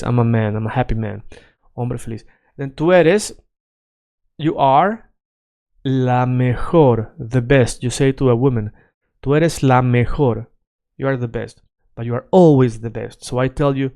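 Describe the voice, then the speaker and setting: Male tutor, resonant even mid-pitch voice, keeps checking the learner follows. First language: Spanish. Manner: checks in often with "right?" and "okay?"; switches between Spanish examples and English glosses. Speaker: Spanish teacher. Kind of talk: casual explainer lesson.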